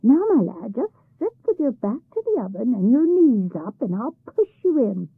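A woman voicing an impatient, scolding old troll wife, shrill and loud, with a husky voice and a tinny, phone-like sound. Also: very animated, moderate pace, no room sound, exaggerated voice.

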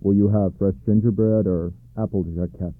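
A man's voice: fairly low pitch, fairly even intonation, normal speed, no echo, lightly acted. A man voicing a polite, grand male blue moose who acts as a waiter, speaking in a courteous, formal way, on a dry, tinny recording. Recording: dry tinny narrow-band sound.

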